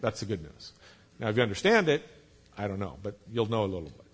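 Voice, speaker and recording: A pastor preaching a sermon, explaining patiently, spelling out words, with light jokes for the congregation. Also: male voice, fairly low pitch, sing-song, fast, breathy edge. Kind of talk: sermon teaching.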